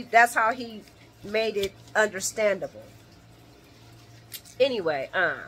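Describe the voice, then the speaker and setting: A woman with a mid-range voice hosts a relaxed late-night vlog recapping soap operas, lively and laughing often as she acts out the characters' lines. There's a bit of hiss or hum in the audio.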